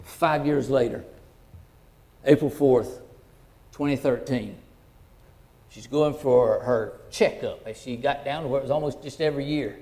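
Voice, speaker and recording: A middle-aged man, a pastor telling a personal story in a sermon in a folksy, heartfelt way that swings from hushed to loud. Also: mid-range voice, a little slow, pauses often.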